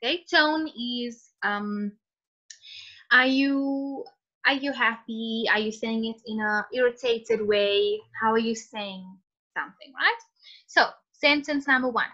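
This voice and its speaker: A woman's voice: a little high, slow pace, bright, forceful tone. A woman teaching an online class in a chatty, encouraging way, reading out messages from students. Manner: chatty, encouraging, reads student chat aloud. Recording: lo-fi online call audio.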